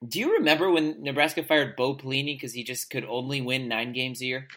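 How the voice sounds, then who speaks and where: Male co-host, bright voice, wry and joking while reading recaps. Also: medium pitch, fairly quick. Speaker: podcast co-host. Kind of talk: casual sports podcast chat, reading score recaps.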